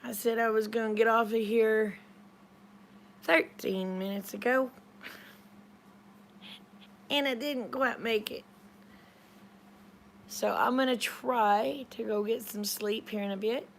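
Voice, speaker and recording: A woman's voice: a little high, steady tone, slow pace, gravelly, pauses often, a little hiss or hum. A middle-aged woman, retelling a conversation in a chatty, rambling way. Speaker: vlogger. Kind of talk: casual storytelling.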